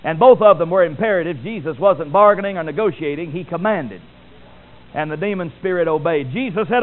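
A man preaching with a high, ringing voice. He drives points home with loud emphasis, then drops to hushed, solemn lines. The sound is thin and phone-like. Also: lively intonation, brisk. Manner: emphatic, swinging from loud declarations to quiet, solemn asides. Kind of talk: sermon. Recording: tinny phone-like recording.

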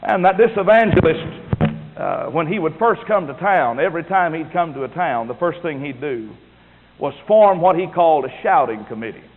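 A man's voice: on the high side, animated, moderate pace, slight background noise. A man preaching a sermon in a folksy, emphatic way. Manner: folksy, emphatic preaching with rising and falling delivery. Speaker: pastor. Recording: tinny phone-like sound with long hall reverb.

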